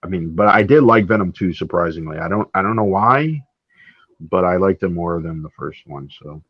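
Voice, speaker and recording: A very low-voiced man chatting as a co-host, hesitant and often repeating himself. The sound is dry and a little dull, like a lo-fi mic. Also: animated, moderate pace, dry recording. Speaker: podcast co-host. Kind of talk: casual chat.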